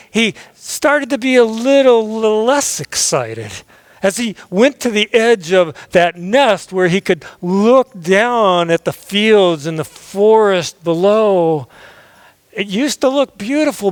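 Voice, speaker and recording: A male pastor telling a children's story in an animated way, acting out the scenes. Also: sits high, dry recording.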